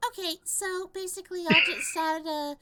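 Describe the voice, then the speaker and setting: Man doing a squeaky girlish voice, very high, bright, sharp, bubbly young woman. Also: fairly even intonation, normal speed, no room sound, heavily acted.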